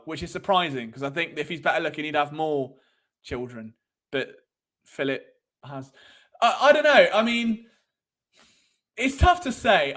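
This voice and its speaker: A young man with a British accent rambles through a casual sports live stream, teasing and joking as he goes. His speaking voice sits high for a man. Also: a bit bright. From Britain. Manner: cheeky, rambling, jokey. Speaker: sports show host.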